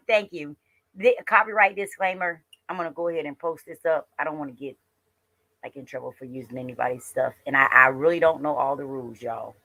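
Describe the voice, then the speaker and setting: A woman's voice: sits low, fairly quick, sharp tone, no echo. A woman hosting a casual reaction commentary, chatty and talking straight to her viewers. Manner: chatty, addresses viewers as y'all and honey. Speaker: host reacting to a clip.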